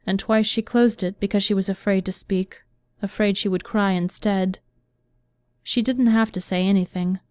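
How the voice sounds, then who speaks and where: A woman narrating an audiobook in a measured, even reading voice. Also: mid-range voice, clean tone, dry recording. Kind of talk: scripted narration.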